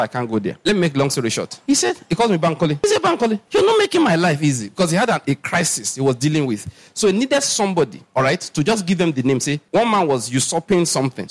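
Animated Nigerian pastor telling stories. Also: male voice, a little high. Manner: animated, lively storytelling with laughing asides. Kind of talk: storytelling sermon.

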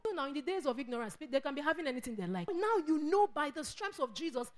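A woman delivers a sermon in a high voice. She preaches emphatically, repeats her phrases and acts out the voices she quotes. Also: sing-song, fast, few pauses.

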